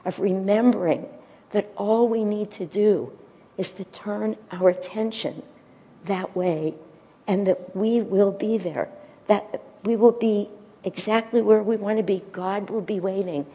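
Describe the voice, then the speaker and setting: A woman giving a gentle devotional talk and retelling a story, pausing at times to search for her words. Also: mid-range voice, in a large hall. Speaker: spiritual teacher.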